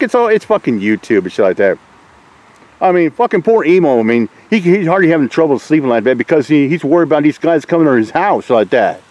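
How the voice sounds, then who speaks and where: Taunting, swearing man with lively pitch. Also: rough recording. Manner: taunting, combative, swearing, mocking laughs. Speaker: YouTuber ranting at trolls. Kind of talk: profane rant to camera.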